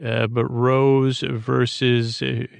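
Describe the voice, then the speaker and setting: Male podcast host, gravelly and smooth, dry close sound, rambling sleepy recap. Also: mid-range voice, flat delivery, no echo. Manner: halting, many fillers and restarts. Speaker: podcast host retelling an episode.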